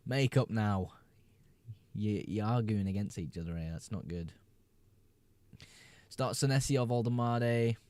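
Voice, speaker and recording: A man hosting a casual fantasy football live stream, reading viewer questions aloud, answering them quickly and laughing often. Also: lowish voice, darkish tone, dry recording.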